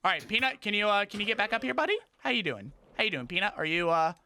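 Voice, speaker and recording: Bright-voiced male gaming streamer. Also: animated, slight background noise. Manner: rambling, halting talk with many restarts; breaks into high startled yelps at the game. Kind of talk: casual livestream gaming chat.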